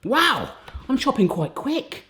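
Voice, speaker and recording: A man's voice: extremely high pitch, very animated, takes it slowly, pushed and bright. A man hosting a casual cooking demonstration in a home kitchen, chatty and jokey, with rambling asides. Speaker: cooking channel host.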